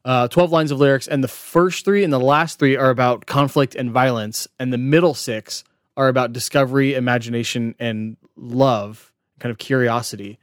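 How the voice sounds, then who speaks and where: A man's voice: medium pitch, steady tone, moderate pace, no room sound. Chatty man on a dry mic. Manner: chatty, lots of "like" fillers. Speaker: podcast co-host. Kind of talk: casual chat about an album.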